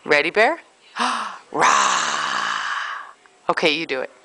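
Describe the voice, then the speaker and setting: A woman talks to her baby in a gushing, sing-song voice. Her pitch sits a bit high and leaps wildly up and down. She speaks slowly and coaxingly, with faint noise behind her. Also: wildly swooping pitch, fairly bright tone. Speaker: mother. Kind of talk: baby talk to an infant.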